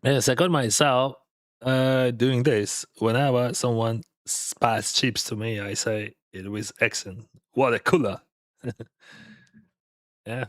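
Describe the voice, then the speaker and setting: A man's voice: medium pitch, fairly even intonation, slow, no echo. Man, Russian accent, casual poker-stream chatter, laughs a lot, dry close sound. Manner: laughs often, chatty, loose with grammar. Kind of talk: casual chat while playing online poker.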